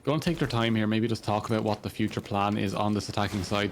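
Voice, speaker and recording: Low-voiced Irish esports caster. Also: male voice, fairly even intonation. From Ireland. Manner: brisk, dry and joking. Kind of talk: play-by-play commentary.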